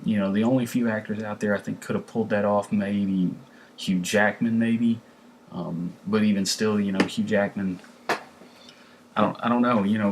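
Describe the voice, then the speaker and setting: A man's voice: lowish voice, a little hiss or hum. A man reviewing a film in a casual, rambling way, with many fillers and restarts. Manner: conversational, lots of fillers and restarts. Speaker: movie reviewer.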